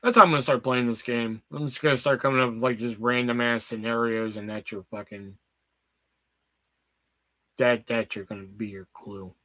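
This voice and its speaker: A man's voice: mid-range voice, steady tone, normal speed, pushed and bright, dry recording, studio quality. A man hosting a casual livestream, joking crudely with viewers and swearing often. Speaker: livestream host.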